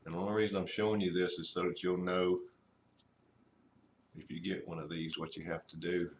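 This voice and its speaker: A man reviewing a cigar in a slow, halting way with many fillers. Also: sits low, little pitch movement, roomy sound, slight background noise. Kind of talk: casual review.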